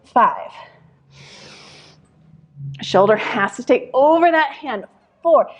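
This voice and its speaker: A young adult woman leads a Pilates class as she works through it herself, her voice sitting a little high. She is out of breath and counts the reps aloud, with breathy sighs between the counts. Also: lively intonation, takes it slowly, muffled recording. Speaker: pilates instructor. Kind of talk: workout instruction while exercising.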